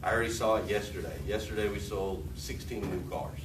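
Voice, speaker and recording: At a car dealership's morning sales meeting, a man speaks to staff in the showroom, joking and motivating them. His fairly low, fairly even voice moves quickly, picked up by a distant mic in a roomy space with room noise.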